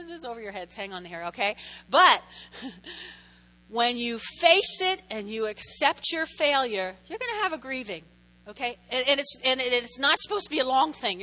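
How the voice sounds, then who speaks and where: A woman's voice: fairly high pitch, sharp tone. A woman pastor preaching a sermon in a chatty way, often checking in with her listeners. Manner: chatty, keeps checking in with the audience.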